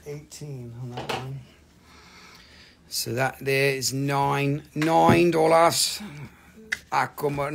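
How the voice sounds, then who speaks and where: A man's voice: fairly high pitch, gravelly, a bit bright, a little hiss or hum. A man hosting a live mineral sales stream, talking in a joking, rambling, playful way as he announces prices. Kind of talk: casual live selling banter.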